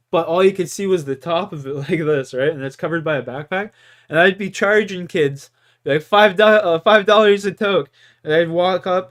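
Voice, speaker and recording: Profane young man telling stories. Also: fairly high pitch. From Canada. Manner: profane, rambling, laughing. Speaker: gaming streamer. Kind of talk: casual storytelling.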